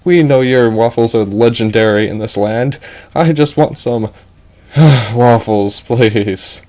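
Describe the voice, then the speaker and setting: A man's voice: medium pitch, slow, a little mellow, lightly acted. A man voicing a talking door that pleads for waffles in a whiny tone. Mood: whiny pleading.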